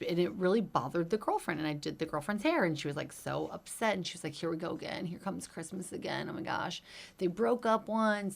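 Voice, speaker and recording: A woman co-hosting a casual podcast, telling stories in a lively way, acting out quotes and using lots of "like" and "um". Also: fairly low pitch, creaky. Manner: animated storyteller, lively acted-out quotes; many fillers like "like" and "um". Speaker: podcast co-host, hairstylist.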